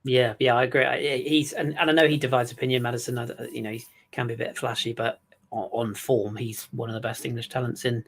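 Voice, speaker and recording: A man's voice: medium pitch, flat delivery, fast talker. A man co-hosting a fan podcast, talking football in a chatty, joking way with many fillers and restarts. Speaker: podcast co-host. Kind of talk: casual football chat.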